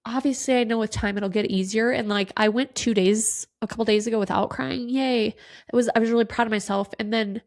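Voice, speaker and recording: Woman, 30s, podcast host, candid and sweary, gravelly tone, tearful and sniffly. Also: on the high side, steady tone, brisk. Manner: candid, swears freely, lots of "like". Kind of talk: casual solo podcast talk.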